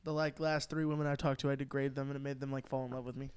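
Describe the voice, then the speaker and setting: A man's voice: medium pitch, little pitch movement, very fast, smooth. A young man co-hosting a casual podcast, telling boastful joking stories. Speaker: podcast co-host. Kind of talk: casual chat.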